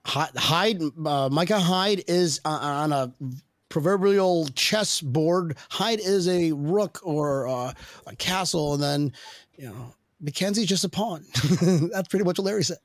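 A man hosting a loose sports podcast, talking in a fairly high voice and laughing often. His sound is dry and close, with no room around it. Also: a little slow, no room sound. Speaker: podcast host. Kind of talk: casual sports chat.

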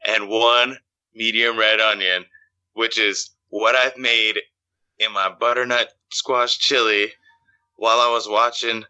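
A man's voice: lowish voice, flat delivery, unhurried, pushed and bright, clean tone, highs cut off. A man co-hosting a podcast in casual chat, jokey and laughing often. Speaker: podcast co-host.

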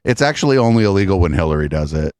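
A man's voice: sits low, sing-song, racing, a little mellow, dry recording, studio quality. A man hosting a podcast, chatting casually and sardonically about politics and swearing often. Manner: sardonic, profane, offhand. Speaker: podcast host.

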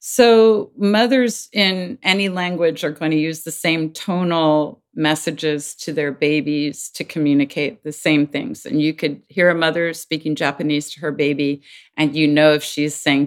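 A middle-aged woman speaking earnestly as an interview guest, now and then acting out quoted voices with sudden high swoops. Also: steady tone, unhurried. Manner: earnest, acts out quoted voices with big pitch jumps. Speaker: podcast guest, child advocate. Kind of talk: conversational interview talk.

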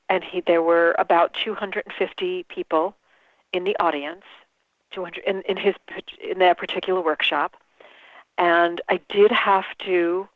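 A woman organizer telling an embarrassing story in a casual interview, animated and quick to laugh. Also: on the low side, dry recording. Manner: animated, laughs often, restarts sentences. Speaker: event organizer, guest. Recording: tinny phone line.

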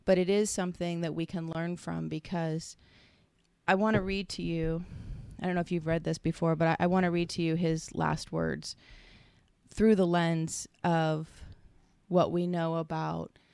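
A woman's voice: on the low side, level tone, measured pace, vocal fry, darkish tone, smooth, dry recording, studio quality. A woman co-hosting a casual conversation, earnest and reflective, working through her thoughts in long, searching sentences.

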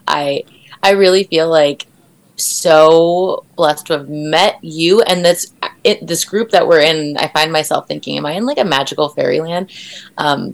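A woman talking as a guest on a podcast, hoarse from a cold and rambling with ums and likes. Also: low voice. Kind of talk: casual podcast chat.

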